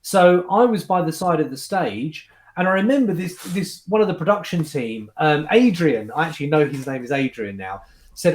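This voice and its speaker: Animated male magician in an echoey room. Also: fairly high pitch, normal speed. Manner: animated storyteller, restarts and fillers. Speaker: guest magician. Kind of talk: casual chat recounting anecdotes.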